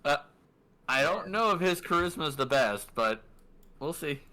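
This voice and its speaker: A man narrating a tabletop role-playing game as dungeon master, relaxed, with fillers and laughs. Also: on the high side, measured pace.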